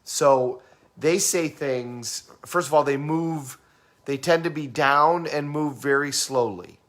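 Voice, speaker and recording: A man in a casual teaching talk who explains communication styles, asks the listener questions and acts out fast and slow talkers. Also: on the high side, a bit bright.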